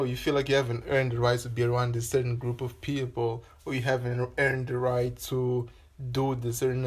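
Rambling man hosting a solo podcast. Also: medium pitch. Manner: loose, rambling, swears casually. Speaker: podcast host. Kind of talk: casual solo podcast monologue.

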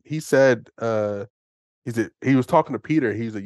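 A man co-hosting a podcast, chatting casually and excitedly about a movie, rambling and acting out lines. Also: mid-range voice, normal speed, no echo, clean studio sound. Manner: excitable, rambling, acts out quotes. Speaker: podcast co-host. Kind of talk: casual movie review chat.

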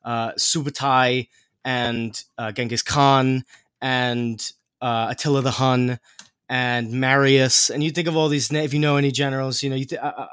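A man's voice: medium pitch, flat delivery, moderate pace, a bit bright, clean tone, no echo, studio quality. A man hosting a podcast, explaining history in casual chat, with many fillers and restarts.

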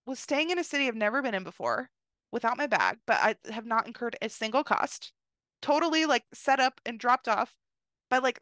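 A woman's voice: high-pitched, no room sound, studio quality. A young woman hosting a podcast, chatting casually through a story and filling her talk with "like" as she quotes the people in it. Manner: chatty, lots of "like", quotes people in lively voices. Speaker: podcast host.

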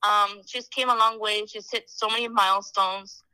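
A young woman chatting as a podcast guest. She tells her story in a loose, talky way, with lots of "like" and "um", and voices the people she quotes. Her tone is bright and clear, and she sounds close and dry, with no room echo. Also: medium pitch, steady tone, moderate pace. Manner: chatty, heavy on "like" and "um", acts out quoted dialogue. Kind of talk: casual storytelling chat.

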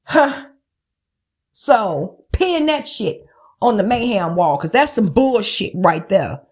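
Heated, profane woman podcaster, lively pitch. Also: takes it slowly, breathy edge. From United States. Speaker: podcast host. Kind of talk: angry political rant.

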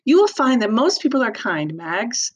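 Woman voicing a tearful gentle mother. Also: a little high, sing-song, normal speed, slightly rough, pitched above the performer's own voice. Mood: tender.

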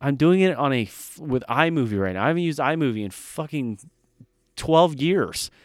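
Blunt, profane man talking fast. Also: mid-range voice, animated, dry recording, studio quality. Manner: blunt, profane, fired-up storytelling. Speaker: podcast co-host. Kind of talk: casual podcast chat.

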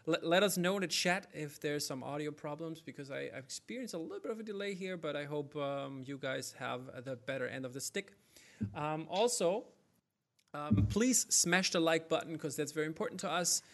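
Male livestream host, fairly high voice, hesitant, lots of ums and restarts. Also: fairly quick, vocal fry. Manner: hesitant, many fillers and restarts. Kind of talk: casual livestream chat.

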